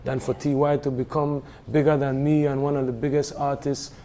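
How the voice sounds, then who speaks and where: A man from Belize speaks in a mellow, darkish voice. He talks in an animated way, full of fillers and restarts. A faint hum of ambience sits behind him. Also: medium pitch, fairly quick. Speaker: music event organizer. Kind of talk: casual studio conversation.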